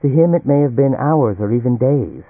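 A man's voice: medium pitch, expressive, moderate pace, no echo, pitched above the performer's own voice, close to an everyday voice. A man reading the part of a composed, inquisitive woman in a raised voice. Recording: tinny, phone-like and dry.

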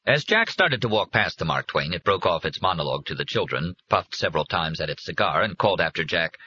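A man reading a novel aloud as an audiobook narrator, in measured scripted narration. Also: low-pitched, expressive, pushed and bright, husky, no echo. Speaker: audiobook reader. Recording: dry, dull lo-fi recording.

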